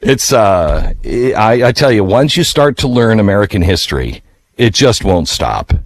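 A man hosting a radio talk show who tells a story casually, animated and emphatic, his voice jumping up in pitch. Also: a little slow.

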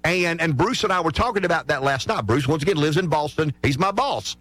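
A man's voice: a little high, expressive, a little fast, a bit bright, dry recording. Passionate rural Southern radio man. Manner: passionate, emphatic, repeats words as he builds his point. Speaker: radio host. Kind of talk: morning radio talk.

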